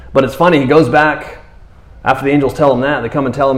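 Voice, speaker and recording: A man preaching a sermon in a relaxed, conversational way, acting out quotes playfully. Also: mid-range voice, fast talker, reverberant. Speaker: pastor.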